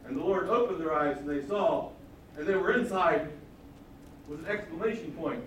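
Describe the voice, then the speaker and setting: A man teaches from the Bible, retelling the story with lively acted-out voices. His voice sits a little high. He is recorded from a distance in a very echoey hall with faint background noise. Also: normal speed. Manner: animated storytelling, acts out voices of the characters. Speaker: preacher.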